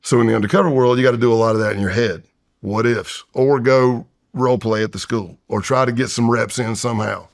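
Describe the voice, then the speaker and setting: A man's voice: medium pitch, steady tone, brisk, gravelly. A man in his fifties, a retired undercover agent, telling a tense story in an interview and acting out his own past voice and whispers. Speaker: retired FBI undercover agent, podcast guest. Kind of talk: storytelling in a long-form interview.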